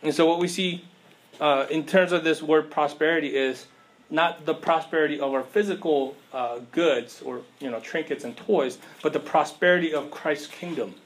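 A man delivers a sermon in a relaxed, conversational style, tossing rhetorical questions to his listeners and leaning on everyday slang. His voice sits a little higher than most men's. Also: moderate pace. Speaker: preacher.

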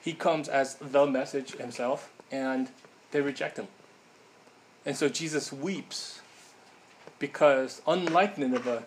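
A man's voice: medium pitch, slight background noise. A man preaching a casual sermon in a conversational way, with many fillers and frequent tag questions.

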